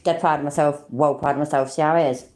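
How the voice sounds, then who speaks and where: A woman's voice: low voice, fairly even intonation, quick pace, darkish tone. A British woman hosting a casual livestream, chatting to viewers, swearing freely and laughing often. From Britain. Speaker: livestream host.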